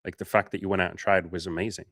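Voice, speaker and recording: Rapid-fire and flat, a low-voiced dating coach works through viewer comments on a casual livestream, reading them aloud and answering bluntly with plenty of swearing. His tone is fairly bright, and the recording sounds dry and close without any room echo.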